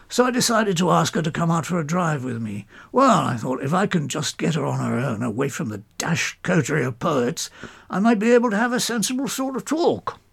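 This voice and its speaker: A man's voice: a little high, gravelly, slightly rough. A man telling a first-person story in a clipped, old-fashioned, genial manner.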